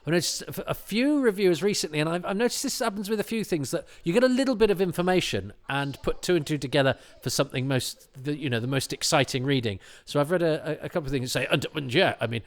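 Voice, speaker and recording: A man's voice: a little high, expressive, fast talker, few pauses. A man hosting a commentary podcast, chatting in a rambling way with many restarts and asides. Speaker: podcast host.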